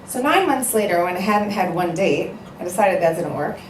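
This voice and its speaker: A woman's voice: lowish voice, lively intonation, moderate pace, a little hiss or hum. Earnest woman speaking in an echoey hall. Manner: emphatic, storytelling, repeats for effect. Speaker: matchmaker giving a speech. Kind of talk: earnest speech to an audience. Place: event hall with a live audience. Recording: echoey hall, voice picked up from a distance.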